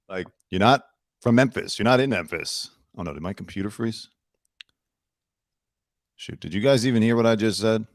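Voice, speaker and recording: A man's voice: fairly low pitch, moderate pace, long pauses, dry recording, studio quality. A young man hosting his own news commentary show from home, chatty and sarcastic, talking into a computer mic. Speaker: host.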